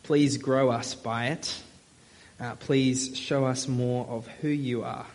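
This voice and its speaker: A man's voice: mid-range voice, steady tone, slow pace, a little mellow. A young man preaching a sermon in a friendly, conversational way, with frequent fillers.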